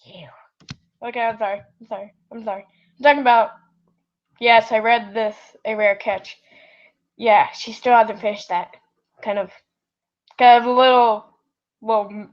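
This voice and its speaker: A woman's voice: fairly high pitch, fairly even intonation, normal speed, long pauses, highs cut off. A woman reading fan fiction aloud in a rambling way, often breaking off to apologize, recorded at home at night on a built-in device mic. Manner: rambling, self-interrupting, apologetic. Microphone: built-in device mic, no proper microphone.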